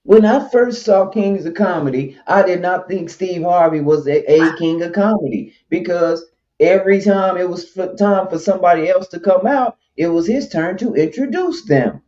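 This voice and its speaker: Blunt, mellow-voiced man ranting. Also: high-pitched, moderate pace. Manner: blunt and emphatic, mocking. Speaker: stream host. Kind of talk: casual opinion chat. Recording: muffled lo-fi stream audio.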